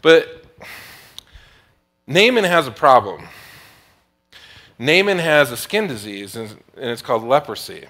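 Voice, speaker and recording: Casual joking preacher. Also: male voice, medium pitch, expressive, unhurried, long pauses, fairly bright tone. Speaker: pastor. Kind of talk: sermon.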